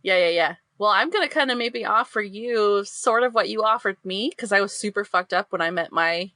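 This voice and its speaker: A woman talks through her moves in a tabletop role-play, blunt and casually swearing. Her voice is bright and forward. The sound is close and dry, with no room. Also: mid-range voice, fairly quick, dry recording. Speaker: player.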